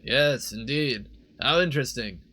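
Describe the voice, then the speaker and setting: A man doing a slow, sly shapeshifter. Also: mid-range voice, sharp tone. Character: sly, creepy shapeshifter posing as a merchant.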